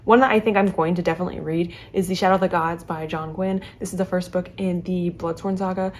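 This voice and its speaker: A young adult woman chatting casually to camera as a book vlogger, talking fast and chattily with many fillers and restarts. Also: fairly low pitch, fairly even intonation, a little hiss or hum.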